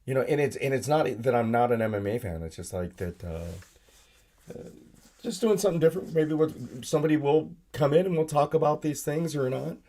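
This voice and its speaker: A man's voice: medium pitch, expressive, a little fast, mellow. A tired man with a sore voice, hosting a solo live stream from his desk, rambling with lots of fillers and talking to himself as he clicks around his computer. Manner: rambling, filler-heavy, self-talk while using the computer. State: tired, sore voice from yelling at work. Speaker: podcast host. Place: home desk with laptop and monitor.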